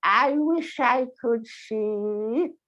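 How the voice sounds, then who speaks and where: A storyteller voicing a frail, wistful old blind mother who pleads slowly for her sight. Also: mid-range voice, a bit bright, pitched above the performer's own voice, low-quality recording. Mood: longing. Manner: slow, wavering and pleading.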